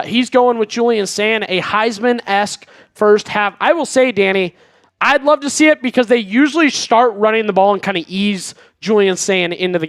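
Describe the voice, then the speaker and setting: A man's voice: sits high, a bit bright, smooth, no echo, clean studio sound. A man hosting a live sports stream in casual chat, reading viewer messages and chatting about the team. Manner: chatty, reads viewer super chats aloud. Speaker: sports show host.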